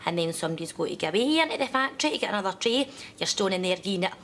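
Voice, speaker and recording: An actress playing a chatty Scottish factory worker who gushes. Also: female voice, mid-range voice, lively intonation, racing, a bit bright, a little hiss or hum. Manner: chatty, gushing.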